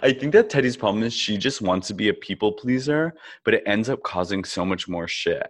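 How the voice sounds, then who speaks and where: A man's voice: fairly low pitch, animated, fairly quick. A man co-hosting a podcast, chatting loosely about a reality show, laughing often and swearing casually. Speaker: podcast co-host.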